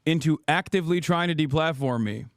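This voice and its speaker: A man in his thirties delivers a heated political rant on a livestream, swearing freely and firing off sarcastic rhetorical questions. His voice sits high for a man. The sound is dry and close, with no room echo. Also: brisk. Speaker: streamer, political commentator. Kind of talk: ranting livestream commentary.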